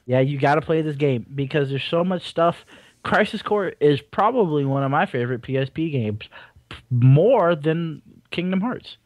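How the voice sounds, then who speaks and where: A man's voice: a little high, animated, moderate pace, darkish tone, no echo. A young adult man co-hosting a casual gaming podcast, jokey and enthusiastic, stretching words for emphasis. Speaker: podcast co-host.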